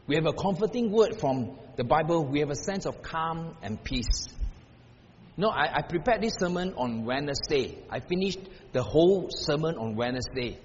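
An older man preaching a sermon as pastor, shifting from hushed passages to loud, emphatic repeated questions. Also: fairly high pitch, slight background noise. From Singapore. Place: church hall. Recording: muffled sound in a reverberant hall.

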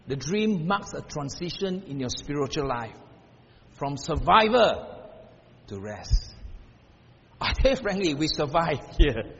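An older man preaching a sermon as pastor, shifting from hushed passages to loud, emphatic repeated questions. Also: on the high side, sing-song, measured pace, a little hiss or hum. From Singapore. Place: church hall. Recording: muffled sound in a reverberant hall.

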